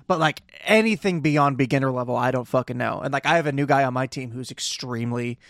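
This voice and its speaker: A man's voice: mid-range voice, fast talker, gravelly, fairly bright tone, no room sound, clean studio sound. Sarcastic man with wry quips. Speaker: podcast co-host. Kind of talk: casual chat.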